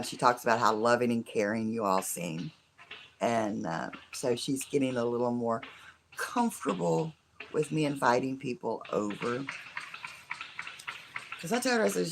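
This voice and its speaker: Hoarse, gravelly live streamer, rambling chat. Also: mid-range voice. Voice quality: scratchy voice. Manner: rambling, chatty, many fillers like "you know". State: hoarse from laughing.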